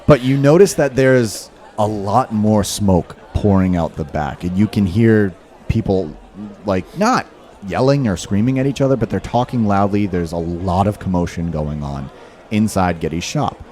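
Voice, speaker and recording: A man's voice: on the low side, moderate pace, a little mellow. A man narrating as game master in a rambling, casual way, full of fillers. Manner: rambling, filler-heavy, laughs often.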